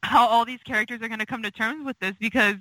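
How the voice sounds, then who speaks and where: Woman cohost gushing about a show, super bright voice, dry close sound. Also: a little high, steady tone, fast, no room sound, rough recording. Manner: gushing, emotional, many fillers. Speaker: podcast co-host. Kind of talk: casual fan discussion.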